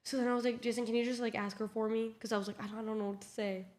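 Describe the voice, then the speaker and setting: A woman's voice: a little high, level tone, very fast, darkish tone. A young woman telling a casual storytime vlog, chatty and full of swearing and filler words, acting out what everyone said. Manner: chatty, swears a lot, lots of "like", acts out quotes.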